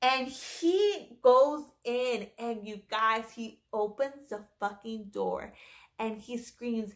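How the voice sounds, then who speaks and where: A young woman vlogger telling a story in a casual, animated way, swearing often and full of fillers. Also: fairly high pitch, slow pace.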